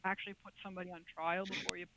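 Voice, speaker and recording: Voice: mid-range voice, level tone, very fast. A player in a tabletop game who keeps asking probing questions. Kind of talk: casual tabletop game chat. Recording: dull lo-fi mic with faint hiss.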